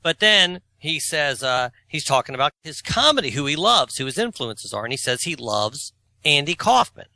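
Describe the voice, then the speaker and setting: A man's voice: a little high, very animated, moderate pace, bright, forceful tone, no room sound. A man in his forties telling rambling, self-mocking stories in a casual podcast chat. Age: 40s. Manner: rambling storyteller, self-mocking, laughs at himself; opinionated and argumentative. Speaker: co-host.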